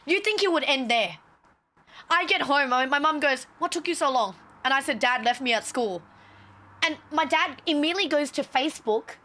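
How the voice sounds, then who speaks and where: A woman's voice: high-pitched, sharp tone. A young woman streamer telling a story casually on a livestream, swearing freely and acting out the quotes.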